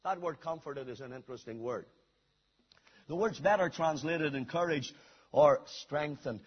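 A man preaching a sermon with emphatic delivery, rising to shouts and dropping to quiet asides. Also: on the high side, normal speed, slightly rough. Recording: dull lo-fi sermon recording.

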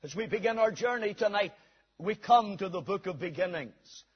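Husky high-voiced man preaching a sermon. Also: expressive, moderate pace. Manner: reads scripture aloud then tells a story. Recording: dull recording in a hall with long reverb.

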